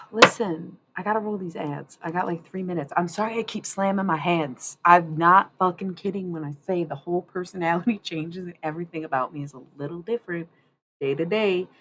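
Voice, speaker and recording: A woman's voice: on the low side, brisk, fairly bright tone, slight background noise. A woman chatting casually on a live stream, rambling and candid, swearing freely. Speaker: livestreamer.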